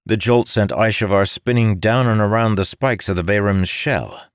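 A man reading a fantasy story aloud in scripted, measured narration. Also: fairly low pitch, smooth, no room sound, clean studio sound. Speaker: audiobook narrator.

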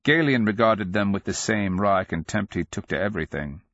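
A man giving steady, measured scripted narration of a fantasy audiobook, on a dull lo-fi recording. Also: fairly low pitch, dry recording.

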